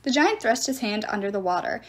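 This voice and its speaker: A woman reading a novel chapter aloud with expressive storytelling. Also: medium pitch, fairly quick. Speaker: reader.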